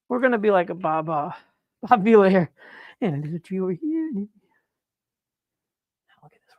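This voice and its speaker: A man chatting excitedly on a live stream as he works on his mushroom grow, laughing and apologizing often. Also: high voice, dry recording. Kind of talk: live-stream chat while working. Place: grow room, indoors.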